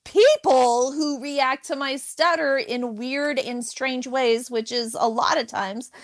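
A woman comedian who stutters, giving candid, animated answers in an interview and laughing often. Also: sits high, slow. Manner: stutters, with repeated sounds.

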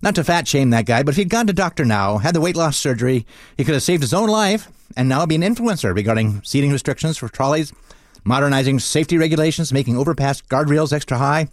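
A man's voice: a little high, animated, quick pace, no room sound, clean studio sound. A man reading a scripted comic monologue on radio, with a wry, sardonic delivery. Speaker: comic essayist.

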